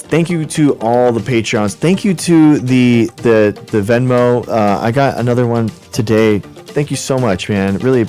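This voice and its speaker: A man's voice: fairly low pitch, a little mellow. A man hosting a livestream, casually rambling through thanks and apologies as he signs off. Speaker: host.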